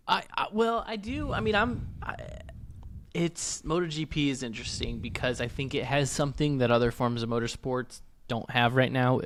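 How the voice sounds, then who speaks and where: A man co-hosting a motorsport podcast, starting with halting restarts and then talking emphatically. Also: medium pitch, a bit bright, no room sound. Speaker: podcast co-host. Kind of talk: casual motorsport podcast chat.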